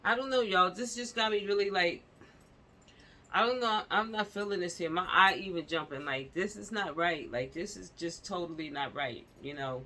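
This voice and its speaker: Woman, vlogger, impassioned casual commentary, bright voice, home recording. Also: fairly low pitch, moderate pace. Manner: impassioned, talks straight to viewers with repeated fillers. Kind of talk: casual commentary reading a news story.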